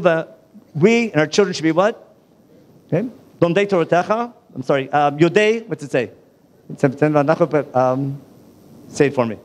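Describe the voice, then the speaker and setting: A man, a rabbi, giving a lively Bible lecture in a college hall, quizzing the audience and tossing off quick asides. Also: sits high.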